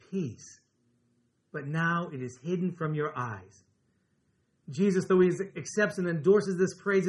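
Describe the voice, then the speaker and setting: A pastor preaching a sermon in an earnest way, slowing down and dropping his voice on key words. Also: sits high, darkish tone.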